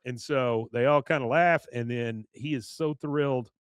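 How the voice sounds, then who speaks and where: A man hosting a podcast, casually recapping an episode, rambling with fillers, coughs and a tiring, hoarse voice. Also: mid-range voice, normal speed, dry recording, clean studio sound. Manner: rambling retelling with many "uh"s, coughs and throat clearing. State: voice going hoarse. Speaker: podcast host.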